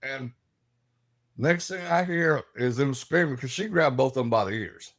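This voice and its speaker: A middle-aged man, a guest telling animated stories and laughing as he acts out the voices in them. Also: mid-range voice, normal speed. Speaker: guest, paranormal investigator. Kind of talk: animated storytelling.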